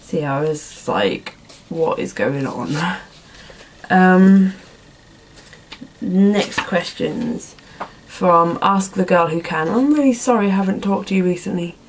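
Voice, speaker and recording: Very animated yet slow-paced, a young woman with a lowish voice answers viewer questions in a casual vlog. She puts on an accent that isn't her own, rambling with lots of "like" and "um." There's a little hiss or hum on the low-quality recording.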